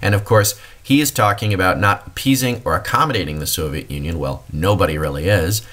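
A man's voice: deep voice, brisk, a bit bright. A man giving a recorded history lecture, explaining to students and addressing them directly.

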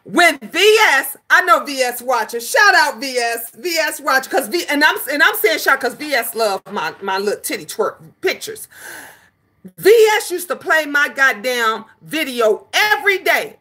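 A woman hosting a casual livestream, talking to her viewers in an animated, emphatic way, repeating lines for effect and cursing out trolls. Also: high voice. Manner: profane, scolding trolls. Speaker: livestream host.

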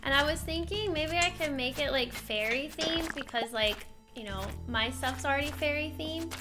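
A young woman chats casually while streaming a game, rambling as she thinks aloud with many fillers and restarts. Her voice is high and her pace normal. Game music plays in the background.

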